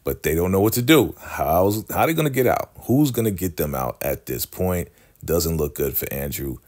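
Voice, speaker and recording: Low husky-voiced man recapping. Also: moderate pace. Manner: animated, chatty storytelling with slang. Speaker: TV show recapper. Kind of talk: casual video recap.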